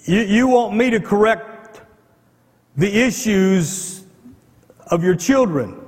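A male pastor preaching a fervent sermon, repeating himself and firing rhetorical questions, at times rising to shouts. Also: high-pitched, expressive, slow pace. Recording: long hall reverb.

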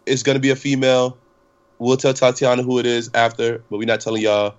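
A man's voice: mid-range voice, monotone, fast, dull audio. A young man hosting a casual podcast, rambling and profane, with many fillers and restarts. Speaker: podcast host.

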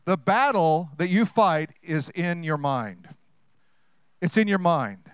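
A man preaching with a high, smooth, resonant voice. He talks in a lively, conversational way and slips into acted-out voices. The sound is close and dry. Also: takes it slowly, no room sound. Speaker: pastor. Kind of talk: sermon.

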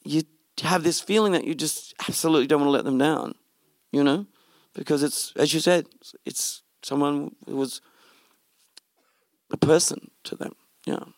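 Man, middle-aged, gravelly, dry recording. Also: on the high side, moderate pace, pauses often, no echo. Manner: animated storytelling, acts out quoted speech. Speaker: film director. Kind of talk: interview conversation.

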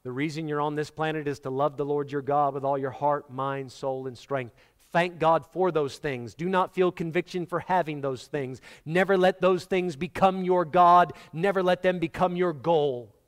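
A man's voice: on the high side, steady tone, moderate pace, clear, resonant tone. A man preaching a sermon, telling stories dramatically and acting out the voices of the people in them. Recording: long hall reverb.

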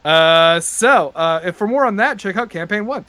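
A man narrating and chatting as game master on a tabletop podcast, rambling with many fillers and getting excited. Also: high voice, normal speed, no room sound.

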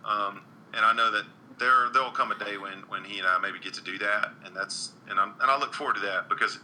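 Low-voiced man, bright and rambling. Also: a little fast, a little hiss or hum, rough recording. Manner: earnest, rambling with many restarts and ums. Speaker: guest country singer. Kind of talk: casual interview chat.

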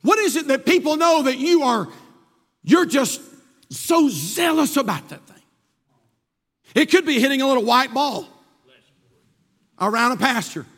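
A man preaching a sermon with fervent energy, his voice sitting strikingly high for a man. He rattles off scripture and throws rhetorical questions at the congregation. The sound carries a long reverb from a large church sanctuary. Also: expressive, unhurried, pauses often, fairly bright tone. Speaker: pastor.

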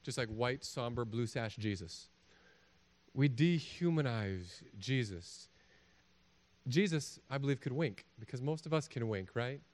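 A man's voice: mid-range voice, a little slow. A man preaching a sermon as a pastor, telling jokey stories and acting out little voices. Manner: animated, jokey storytelling with acted-out voices.

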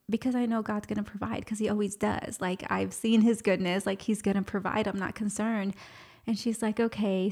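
A woman's voice: mid-range voice, gravelly. A young woman, a clothing brand owner, telling her story in a casual interview, chatty and full of quoted dialogue.

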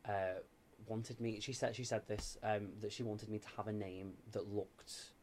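A man's voice: fairly low pitch, fairly even intonation, moderate pace, darkish tone, slight background noise. A man in his twenties from Liverpool with a Scouse accent, chatting as a guest in a theatre dressing room, hesitant with many fillers. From Liverpool, England. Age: 20s. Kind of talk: casual chat.

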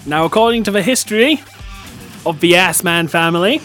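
A man's voice: high-pitched, animated, fairly quick, over music. A man hosting a comedy show, telling a story with self-mocking asides. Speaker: host. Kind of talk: comedic storytelling and news segment.

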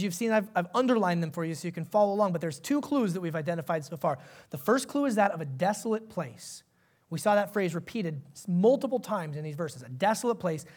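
With a high-pitched voice, this male pastor preaches conversationally and with animation, frequently stopping to ask the congregation questions.

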